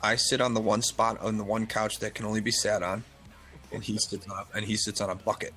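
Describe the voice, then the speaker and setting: A man's voice: lowish voice, brisk, faint music behind. A man co-hosting a gaming news podcast, telling a long story in a casual chat and acting out both sides of the dialogue. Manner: animated storyteller, acts out dialogue. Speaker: podcast co-host.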